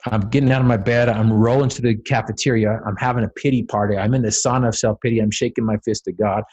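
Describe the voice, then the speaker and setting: A man's voice: fairly low pitch, steady tone, quick pace, darkish tone, husky. A man speaking as a podcast guest, telling a personal story with dramatic, building emphasis.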